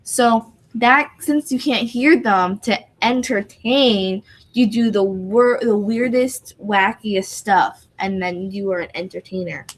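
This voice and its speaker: A woman's voice: mid-range voice, takes it slowly, poor audio. A woman co-hosting a tabletop gaming podcast, giggly and scattered, full of "like". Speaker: podcast co-host and convention game master. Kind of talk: casual chat.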